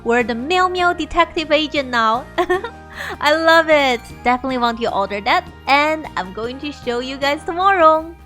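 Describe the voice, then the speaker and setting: A woman's voice: sits high, animated, normal speed, pushed and bright, soft background music. A young woman hosting a game video, commenting on a playthrough in a bubbly way and often laughing.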